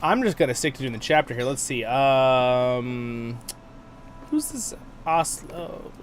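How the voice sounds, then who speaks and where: Chatting playfully while he plays, this livestream host laughs often in his casual gameplay commentary. His mid-range voice is animated but unhurried, with a little hiss or hum in the recording.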